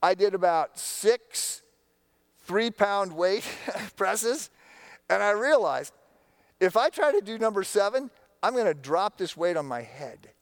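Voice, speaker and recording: A man's voice: high-pitched, expressive, slow pace, dry recording. A man preaching a sermon in a conversational storytelling way, candid and self-deprecating. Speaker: pastor.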